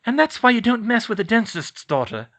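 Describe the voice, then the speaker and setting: A man voicing a clever, fierce teenage girl witch who shouts spells. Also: very animated, fairly quick, heavily acted. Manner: high, sharp spell shouts.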